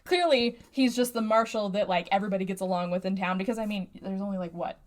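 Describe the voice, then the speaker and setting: A woman's voice: medium pitch, fast. A woman co-hosting a podcast, casually recapping a movie plot in a rambling way, full of "like" and "and stuff". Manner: rambling, filler-heavy recapping with frequent "like" and "and stuff". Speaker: podcast co-host.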